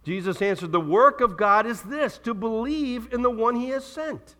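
A man preaching a sermon, animated, acting out the voices of people he quotes. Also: very high-pitched, moderate pace. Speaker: pastor.

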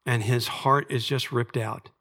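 A man's voice: mid-range voice, steady tone, unhurried, a bit bright. A middle-aged man preaching a sermon as pastor, in an earnest, conversational way, and reading scripture aloud.

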